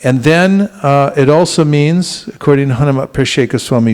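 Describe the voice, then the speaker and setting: Unhurried man teaching a congregation. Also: mid-range voice. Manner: gentle, unhurried, with frequent restarts and questions to the audience. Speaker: spiritual teacher. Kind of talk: talk to a congregation. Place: temple hall.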